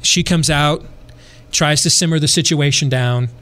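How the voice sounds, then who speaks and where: Podcast host, male, slightly high voice, animated and repetitive, dry asides. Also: unhurried. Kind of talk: casual storytelling.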